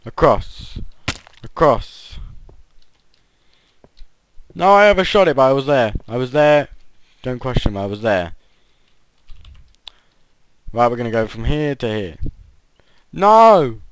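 Slow, smooth-voiced frustrated gamer man. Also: mid-range voice, animated, no echo. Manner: frustrated, yelps and groans at failed jumps. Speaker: gaming channel host. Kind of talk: casual gameplay commentary.

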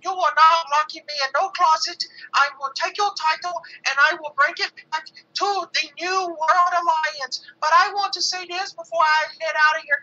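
A woman's voice: very high voice, sharp tone, exaggerated voice. A woman on a call voicing a boastful male heel wrestler who rants and repeats threats. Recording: dull phone line.

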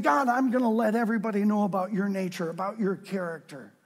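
A man preaching a sermon as pastor, moving from quiet, earnest talk to fervent, shouted readings of scripture. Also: high-pitched, fast talker, few pauses, big-room sound.

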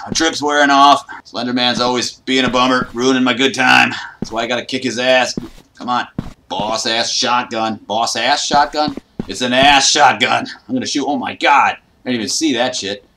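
A man talking through a horror game with crude jokes and swagger, bursting into yelps and shouts at every scare. His voice sits at an ordinary middle pitch. Noticeable hiss and mouse clicks run under the recording. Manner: joking, boastful trash talk with sudden yelps. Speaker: gaming YouTuber. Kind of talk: horror game let's play commentary.

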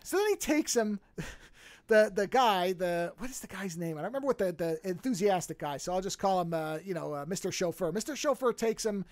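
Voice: mid-range voice, lively intonation, a little fast, dry recording. A podcast host casually recapping a film, rambling and swearing freely while acting out the characters' lines. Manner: profane, rambling storyteller who acts out quoted lines.

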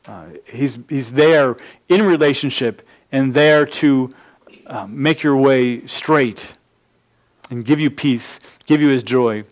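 A man's voice: mid-range voice, slow pace. A man, a pastor, teaching a verse-by-verse sermon, laying out numbered points with frequent restarts.

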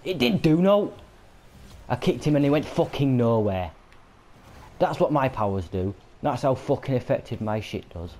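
A man's voice: medium pitch, animated, normal speed, warm tone. A man with a Yorkshire accent, commentating while he plays a video game and swearing through frequent angry outbursts. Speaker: gamer. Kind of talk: gaming commentary.

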